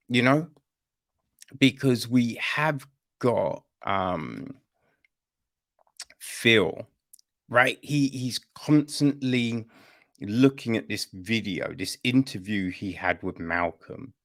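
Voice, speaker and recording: A man hosting a podcast, casually talking through a play he watched and often checking in with "right?" and "you know?". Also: fairly low pitch. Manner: conversational, keeps asking "right?" and "you know?"; apologizes to listeners after a coughing fit. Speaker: podcast host reviewing a play. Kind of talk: casual spoken review.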